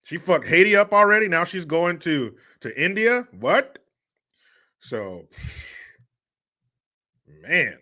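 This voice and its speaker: A man chats casually on his live show, answering viewer comments with crude jokes and swearing. His voice is bright and forward, and his pitch swings about freely. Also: very animated, slow pace, pauses often. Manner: crude, joking, drawling asides with profanity. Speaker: show host reading live chat.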